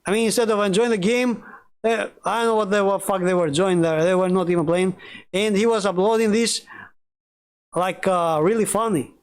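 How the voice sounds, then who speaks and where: Male gaming streamer, high voice, rambling and excitable, curses freely. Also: a little fast, clear, resonant tone. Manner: rambling, excitable, swears a lot. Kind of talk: casual live-stream chat.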